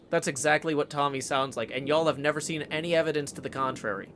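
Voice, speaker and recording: A man's voice: on the high side, quick pace, few pauses, a bit bright, a little hiss or hum. A man chatting casually on a live stream, joking with chat and humming to himself. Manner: playful, hums and scats to himself.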